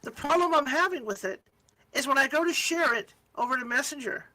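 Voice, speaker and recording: A woman's voice: high-pitched, expressive, fairly quick, bright, forceful tone, rough recording. A woman hosting a livestream, casually explaining a technical problem step by step. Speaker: host of the livestream.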